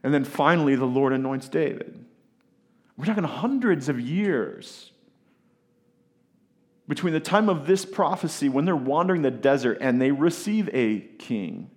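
A man preaching a sermon, retelling a scripture story in a casual, animated way with asides to his listeners. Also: fairly high pitch, a little slow. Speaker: pastor.

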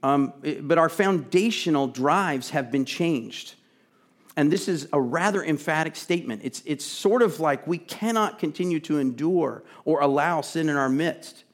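A man preaching a sermon, earnest and emphatic, chatting with asides and sometimes dropping to a soft, pleading voice. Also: on the high side, normal speed. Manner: drops to a soft, intimate tone to plead. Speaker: pastor.

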